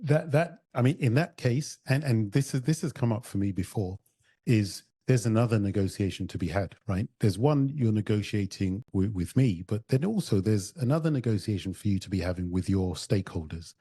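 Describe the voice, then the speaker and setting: Low, husky male podcast host. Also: animated, normal speed, mellow, dry recording. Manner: thoughtful, recounting and posing questions. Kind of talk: conversational podcast interview.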